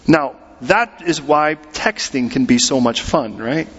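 A middle-aged American man preaching a sermon in a church, lively and conversational, acting out little quotes as he goes. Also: medium pitch, unhurried, husky. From United States. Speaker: pastor. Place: church sanctuary. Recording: muffled sound in a large reverberant hall.

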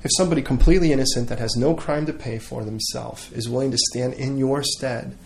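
A middle-aged man preaches in an earnest, conversational way, pausing often and restarting his phrases. He then leads a heartfelt closing prayer. His voice sits at an ordinary pitch for a man. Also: vocal fry, a little hiss or hum. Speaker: pastor.

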